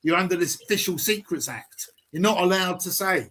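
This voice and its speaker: A high-pitched man pushes an argument hard, swearing freely and stacking one rhetorical question on another. He talks like a confrontational live-stream host who never lets up. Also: animated, a little fast, a bit bright.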